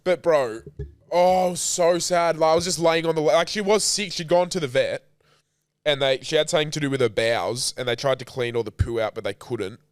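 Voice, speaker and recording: A man's voice: mid-range voice, fairly quick, smooth, no room sound, clean studio sound. A man, a podcast co-host telling an emotional story in casual chat, rambling and swearing freely.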